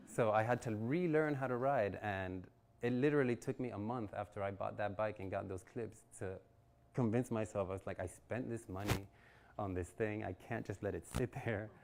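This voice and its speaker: Low-voiced man telling a lively story. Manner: animated storyteller acting out friends' quotes, laughing often. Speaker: guest speaker. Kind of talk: storytelling talk at a networking event. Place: event venue.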